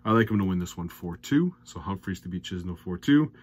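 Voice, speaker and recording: A male host delivers darts predictions and betting picks in a brisk, husky, expressive voice with no echo. His manner is exasperated and ranting, and he gets loud and high-pitched when worked up.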